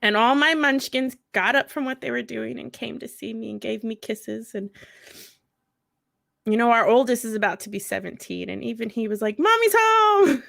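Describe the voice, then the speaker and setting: A woman's voice: on the high side, steady tone, moderate pace, gravelly, a bit bright, dry recording, clean studio sound. A woman in her thirties, a veteran and mother, telling candid stories at a mental health event in a blunt, profane way, often laughing. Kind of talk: candid storytelling.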